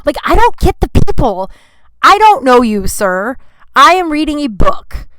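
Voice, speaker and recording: A woman hosts her podcast in a loose, chatty monologue, peppering every sentence with "like" and grumbling as she goes. Her voice sits a little high. It is recorded dry and close, with no room sound. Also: big pitch swings, measured pace, fairly bright tone, no echo. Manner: chatty, heavy use of "like" fillers; grumpy, complaining tone. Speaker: podcast host. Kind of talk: casual monologue storytelling.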